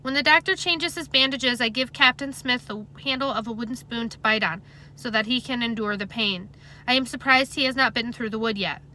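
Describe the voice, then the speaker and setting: A woman reads a chapter of a novel aloud with a bright, sharp tone and a slightly high voice. Her delivery is plain, steady and conversational, with a faint hum of noise behind her. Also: a little fast, rough recording. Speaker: reader.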